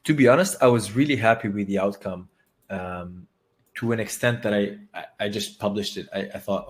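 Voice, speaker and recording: Halting low-voiced man hosting a webinar. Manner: halting, many restarts while working on screen. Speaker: webinar host. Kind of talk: live webinar demo, casual.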